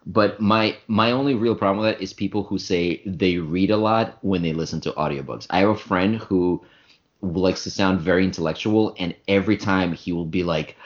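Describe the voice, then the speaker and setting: Very low voiced dude on a podcast, argues his point hard, muffled sound. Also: moderate pace. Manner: opinionated, emphatic. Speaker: podcast co-host. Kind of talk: casual chat. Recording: dull lo-fi sound.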